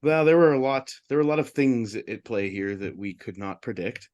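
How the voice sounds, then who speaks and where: A man co-hosting a sports betting podcast, casually running through wins and losses in quick upbeat bursts. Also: medium pitch, animated, darkish tone, dull audio. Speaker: podcast co-host reading betting results.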